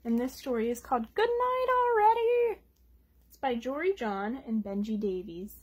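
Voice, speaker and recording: A woman reading picture books aloud to children, expressive and asking them little questions. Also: fairly high pitch, normal speed, breathy edge. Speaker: children's storytime reader.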